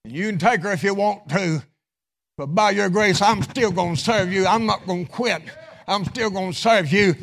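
A middle-aged man preaching a sermon in a church, with chanted, sung-out phrases, then falling to a hushed voice in prayer. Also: sits high, moderate pace. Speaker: pastor. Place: church sanctuary.

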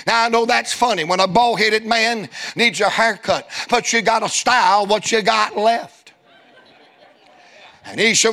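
A man preaching a sermon in a church, telling a folksy, humorous story and rising into shouted exhortation. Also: sits high, a little slow. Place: church sanctuary before a congregation.

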